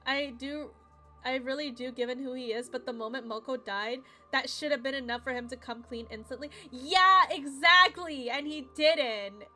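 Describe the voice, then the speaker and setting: A young woman streams a visual novel, ranting emotionally to her chat in casual game commentary, swearing and close to tears. Her high voice holds a steady, fairly bright tone at a moderate pace. Game audio and faint music play in the background.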